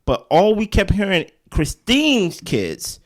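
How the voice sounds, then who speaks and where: A man's voice: high-pitched, huge pitch swings, slow pace. A man co-hosting a TV recap show, arguing his points animatedly and repeating them for emphasis. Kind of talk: casual reaction chat.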